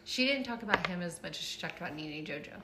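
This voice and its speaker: A woman's voice: on the low side, lively intonation, fast, very noisy. A woman co-hosting a casual podcast, chatting and laughing as she tells stories about her daughter, with lots of filler words. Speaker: podcast co-host, mother. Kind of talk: casual chat, storytelling.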